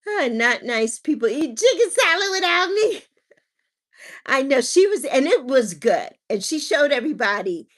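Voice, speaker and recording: Animated woman chatting on a livestream. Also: high-pitched, normal speed. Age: adult with a child. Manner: chatty, reads comments aloud and laughs often. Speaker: livestream host. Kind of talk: casual live chat reading viewer comments.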